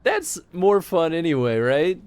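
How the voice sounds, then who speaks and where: A man's voice: on the high side, big pitch swings, unhurried, darkish tone, smooth, no room sound. A man with a light Chicago accent streaming a game, rambling and chatting casually with lots of laughter. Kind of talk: casual live-stream chat.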